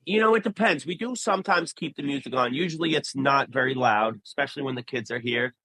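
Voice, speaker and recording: A man's voice: medium pitch, fast, slight background noise, poor audio. A man who owns a barbershop, talking casually in an interview and acting out conversations with clients as he tells stories. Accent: New England. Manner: animated storyteller, acts out quoted dialogue. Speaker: barbershop owner, guest.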